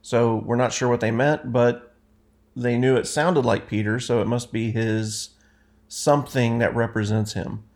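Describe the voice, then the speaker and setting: A man's voice: mid-range voice, steady tone, measured pace, darkish tone. Man teaching a casual Bible study. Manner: conversational, self-correcting, explains as he reads.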